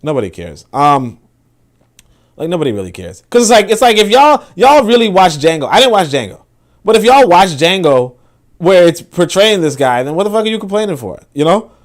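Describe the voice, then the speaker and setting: A man's voice: high-pitched, big pitch swings, a little fast. A man giving casual, profane commentary on online clips, rambling and full of filler words.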